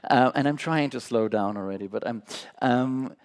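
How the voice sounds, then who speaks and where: A man who conducts orchestras, talking quickly and passionately at a public talk, often restarting his sentences. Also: medium pitch, smooth. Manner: fast, passionate, many restarts and stumbles; talks too fast, admits it. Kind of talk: public conversation on stage. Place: academy meeting hall.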